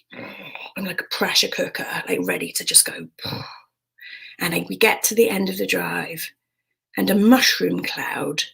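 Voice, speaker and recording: A British woman in her forties telling a frank personal story in a hushed, intimate way. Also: lowish voice, creaky, slightly rough, poor audio. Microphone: streamed stage mic.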